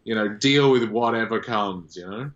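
Australian comedian guest, lower voice, easygoing and dry, dull lo-fi sound. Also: male voice, normal speed. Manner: relaxed, wry, hedging with "sort of". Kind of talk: casual interview.

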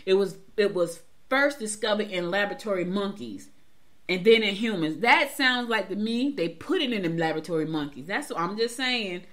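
A woman's voice: mid-range voice, animated, moderate pace, fairly bright tone. A middle-aged woman from Georgia, hosting a morning show in a chatty, emphatic way and repeating herself as she talks straight to listeners. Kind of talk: casual talk-show commentary.

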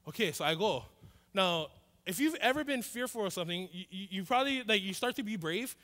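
Animated pastor in a reverberant hall. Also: male voice, high-pitched, fast. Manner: animated, acts out both sides of dialogue. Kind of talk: storytelling sermon. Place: church hall.

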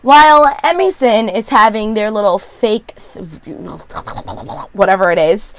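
A woman giving a sassy, opinionated recap of a TV episode in a casual vlog, full of quick asides. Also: mid-range voice. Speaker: vlogger.

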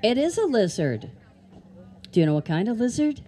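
A faint crowd can be heard as a woman with a slightly high, mellow, sing-song voice talks at a moderate pace. In an outdoor amphitheater, she presents animals at a live children's show, chatting playfully and asking the kids many questions.

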